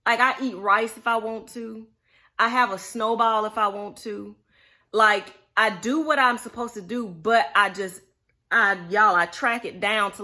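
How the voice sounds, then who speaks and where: A woman's voice: medium pitch, fairly even intonation, measured pace, pushed and bright. A woman from Mississippi with a Southern accent, chatting casually to her viewers in a folksy way, calling them y'all. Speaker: vlogger. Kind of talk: unscripted casual chat to viewers.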